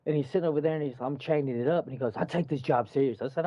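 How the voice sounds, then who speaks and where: A man's voice: medium pitch, rapid-fire, hardly any pauses, no room sound. A man casually retelling a run-in at work, swearing a lot and acting out what each person said. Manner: profane, animated retelling with quoted dialogue. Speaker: construction worker telling a story. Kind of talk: casual storytelling chat. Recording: dull muffled dry recording.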